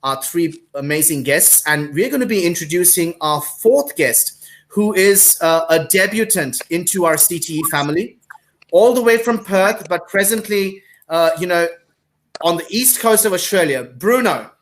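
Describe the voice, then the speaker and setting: A man's voice: high-pitched, animated, moderate pace, a little hiss or hum. A man hosting a live-streamed panel over a video call, effusive and repeating his words and thanks as he welcomes guests. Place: Singapore.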